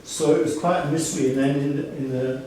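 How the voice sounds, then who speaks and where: A man's voice: fairly high pitch, fairly even intonation, quick pace, dark tone, slight background noise. A man telling anecdotes about his life during a casual gallery talk, rambling with restarts and fillers. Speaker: artist and curator giving a gallery talk. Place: gallery exhibition space. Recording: echoey room from far off.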